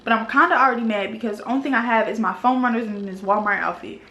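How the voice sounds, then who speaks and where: Animated young woman telling a storytime. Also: fairly high pitch, quick pace, muffled recording. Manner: animated, exasperated storytelling with casual slang. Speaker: vlogger. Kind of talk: storytime vlog. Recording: roomy echo.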